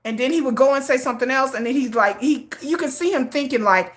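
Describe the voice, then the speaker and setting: A middle-aged woman hosting a casual livestream, rambling with restarts and repeats in an animated way. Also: high-pitched, quick pace. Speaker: livestream host.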